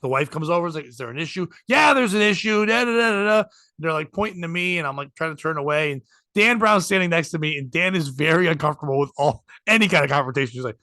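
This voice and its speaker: A man with a high, bright voice tells a rowdy story on a comedy podcast. He swears freely and acts out the other people's lines. The sound is close and dry. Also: quick pace, no room sound. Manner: acts out quotes with shouting, swearing, laughing.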